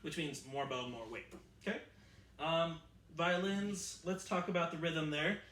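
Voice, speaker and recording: A man's voice: a little high, measured pace, background noise. A man teaching an online string orchestra lesson, chatty and explanatory, correcting himself as he goes. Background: violin playing.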